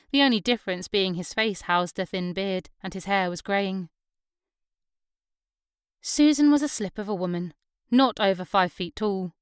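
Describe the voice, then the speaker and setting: A woman's voice: medium pitch, clean tone, dry recording, studio quality. A woman narrating an audiobook. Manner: gentle storytelling, giving characters light voices. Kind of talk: scripted narration.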